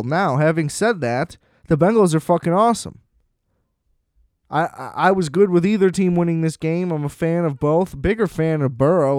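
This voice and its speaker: A man rants about football in a blunt, sarcastic way and swears freely. His voice sits a little higher than most men's and comes across smooth and clear. The recording is dry and close, with no room sound. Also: darkish tone, dry recording. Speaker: sports commentator. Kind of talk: casual solo sports rant.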